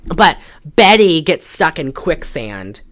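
A woman casually recapping a film's plot on a podcast, telling it in an animated way with lots of "like.". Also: low-pitched, takes it slowly. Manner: animated storytelling, frequent "like". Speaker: podcast co-host. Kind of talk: casual film recap chat.

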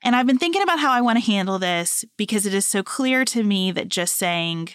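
A woman in her thirties co-hosting a podcast, telling a family story in an animated, chatty way. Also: mid-range voice, brisk, smooth, dry recording, clean studio sound. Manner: warm, animated storytelling with laughs. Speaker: podcast co-host.

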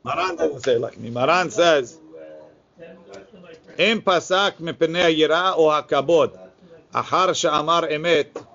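A man teaching a Talmud class, reading the source text quickly and then explaining it in a casual way. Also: fairly high pitch, vocal fry, fairly bright tone. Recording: lo-fi, muffled recording.

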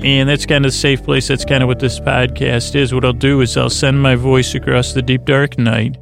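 A man hosting a bedtime podcast in a soft, lulling, creaky voice, meandering goofily through asides and restarts, recorded in a closet. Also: medium pitch, flat delivery, moderate pace, soft background music. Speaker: podcast host. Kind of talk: rambling bedtime podcast monologue.

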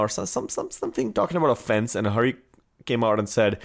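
A man's voice: medium pitch, quick pace. A man from India co-hosting a podcast, chatting casually and playfully. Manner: animated, playful with points game. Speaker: podcast co-host. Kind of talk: casual chat.

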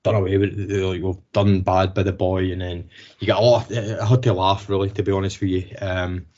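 A man's voice: low-pitched, level tone, fairly quick, mellow. A Scottish man co-hosting a football podcast, talking casually, swearing freely and restarting to stress his points. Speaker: podcast co-host. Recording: slightly dull lo-fi podcast audio.

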